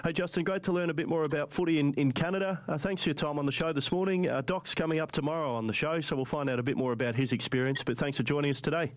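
Quick-talking male radio host. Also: on the high side, dry recording. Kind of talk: radio interview hosting.

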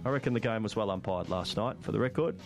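A man's voice: fairly low pitch, fast talker, faint music behind. A man with an Australian accent hosting breakfast sports radio, chatty and opinionated, with frequent fillers. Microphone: studio microphone.

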